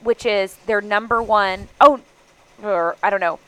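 A woman's voice: medium pitch, a little slow, clean tone. A woman co-hosting a casual podcast chat, talking in a rambling, chatty way with restarts. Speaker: podcast co-host. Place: on location at a sewing store.

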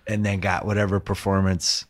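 A man's voice: deep voice, level tone, normal speed, no echo, studio quality. A man hosting a podcast in casual conversation, chatty and enthusiastic as he tells anecdotes. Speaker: podcast host.

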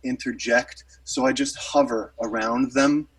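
A man's voice: mid-range voice, fairly even intonation, unhurried, recorded from a distance, poor audio. A man, a musician, telling a rambling story in casual chat with lots of fillers and restarts.

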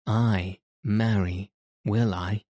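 A sturdy, eager tanner full of bold old-fashioned speech, read by a male narrator. Deep, mellow and slow, recorded dry and close. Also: fairly even intonation, no echo. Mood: joyful. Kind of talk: audiobook character reading.

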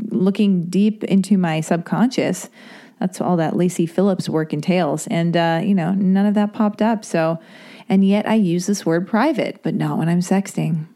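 Chatty, mellow-voiced woman podcast host. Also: fairly low pitch. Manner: chatty and rambling, heavy on fillers, self-mocking. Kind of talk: casual solo podcast intro.

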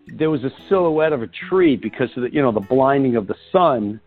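A man hosting a podcast, telling an animated story full of quoted dialogue in an excited, breathless way. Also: medium pitch, a little fast, faint music behind. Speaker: podcast host. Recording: tinny phone-line sound.

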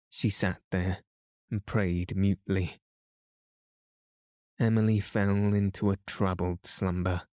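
A man narrating a bedtime story for a sleep podcast in a soft, hushed, unhurried manner. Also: fairly low pitch, no room sound, clean studio sound.

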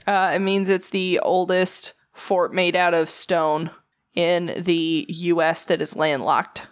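Her voice is lowish and clean, with little pitch movement, and she takes it slowly. A tired Southern woman co-hosting a casual podcast, she reads out facts with swearing and jokes, stumbling over names along the way.

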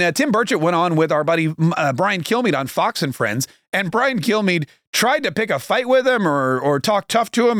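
Man, podcast host, sarcastic political commentary, rambling, mocking, high voice, dry close sound. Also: a bit bright, no echo. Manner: mocking, rambling, self-correcting.

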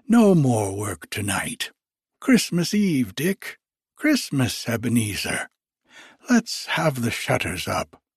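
A man voicing a jolly, fat old male merchant with hearty, booming calls in a storybook reading. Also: huge pitch swings, extremely slow, breathy edge, no echo, studio quality, exaggerated voice. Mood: jovial.

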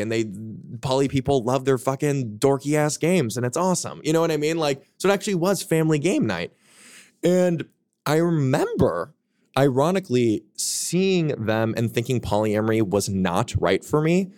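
A man's voice: medium pitch, sing-song, darkish tone, no room sound, clean studio sound. Profane, frank man telling his story. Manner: profane, frank, quick asides and self-mocking. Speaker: podcast guest, author. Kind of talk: casual candid storytelling.

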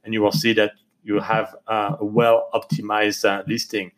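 A man with a French accent, a podcast host speaking in English, earnestly urging listeners and filling pauses with many ums and uhs. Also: on the low side, little pitch movement. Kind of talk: advice podcast talk.

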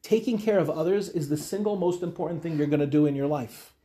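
High-voiced rabbi giving a lively talk. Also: male voice, quick pace. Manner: animated, rhetorical questions and retold dialogues. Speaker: rabbi teaching a class. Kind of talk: Torah class lecture to young women.

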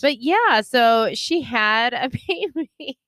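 A young woman gossips in a casual podcast chat, her pitch bouncing up and down as she tells the story. She is sarcastic and chatty and laughs often. The sound is dry and close, with no room around it. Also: lively intonation, slow, a bit bright, no echo. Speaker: podcast co-host.

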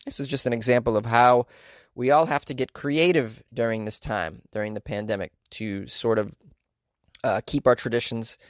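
A man's voice: mid-range voice, steady tone, normal speed, dry recording, clean studio sound. A man hosting a casual show, reading news stories aloud and chatting about them with joking asides and many fillers. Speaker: host reading and commenting on news.

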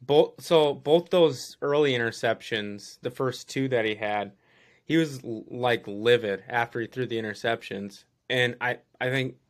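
A man co-hosting a casual sports chat, relaxed, asking questions and making dry remarks. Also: medium pitch, unhurried. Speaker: podcast co-host.

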